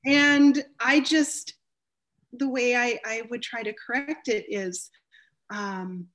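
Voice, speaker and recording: A woman talking as a guest in a casual interview, telling her story with animated energy and acting out the voices of other people. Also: on the high side, slow.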